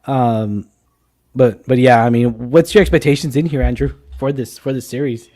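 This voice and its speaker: A man co-hosting a movie talk show, excitable and jokey in casual chat. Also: mid-range voice, normal speed. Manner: excitable, jokey, restarts a lot. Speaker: podcast co-host.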